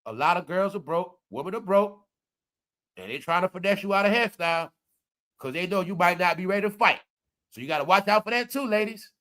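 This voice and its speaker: A man hosting a live commentary stream, talking straight to his viewers in an animated, preachy way. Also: high-pitched, fairly quick. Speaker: commentary livestream host.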